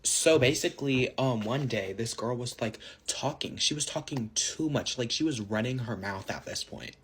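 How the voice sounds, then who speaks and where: A man's voice: medium pitch, animated, moderate pace, fairly bright tone, a little hiss or hum. A man telling a casual storytime to his followers, slangy and rambling, full of fillers. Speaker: social media storyteller.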